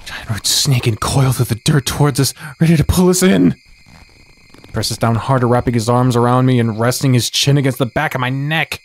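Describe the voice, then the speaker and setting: A man's voice: mid-range voice, normal speed. A man hosting a let's play, reading a visual novel aloud and commenting casually, swearing a lot in a laid-back, rambling way.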